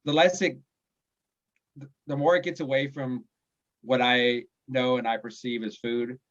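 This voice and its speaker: Podcast guest, man in his 40s, mid-pitched voice, halting with restarts, muffled remote sound. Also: steady tone, a bit bright. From USA. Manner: halting, restarts a lot, chuckles at himself. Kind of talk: casual chat.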